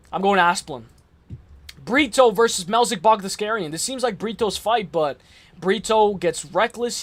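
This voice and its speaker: On a casual live stream, a high-voiced man reacts to his viewers' comments while making fight picks in excitable, slang-heavy chatter.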